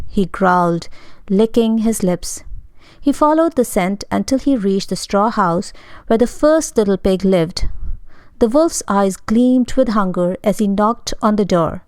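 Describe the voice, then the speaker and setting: A woman narrating a storybook tale in an expressive, dramatic way. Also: mid-range voice, a little slow, no echo.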